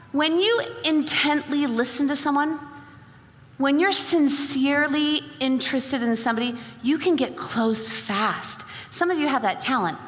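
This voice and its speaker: Lively high-voiced woman speaking on stage. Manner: animated storyteller acting out both sides of a conversation. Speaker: speaker at a sales event. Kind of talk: motivational talk to a live audience. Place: large hall before an audience. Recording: live hall recording with reverb.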